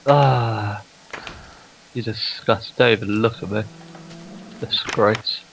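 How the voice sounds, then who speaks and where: Gravelly man teasing his gaming buddy. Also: lowish voice, steady tone, takes it slowly, a little hiss or hum, poor audio. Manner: dry teasing remarks. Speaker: gamer. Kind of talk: casual gaming chat.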